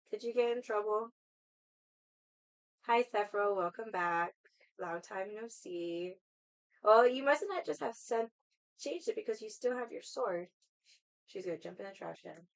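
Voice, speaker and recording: On a low-quality recording, a woman with a medium-pitched, gravelly voice chats casually with her stream viewers. She speaks unhurriedly, leaves long pauses, rambles, and curses freely.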